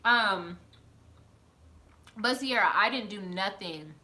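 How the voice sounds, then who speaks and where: A woman's voice: medium pitch, animated, slow, sharp tone. A woman, chatting casually on a live stream from home, reading out her viewers' comments and laughing often. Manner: chatty, laughs often, talks to chat by name.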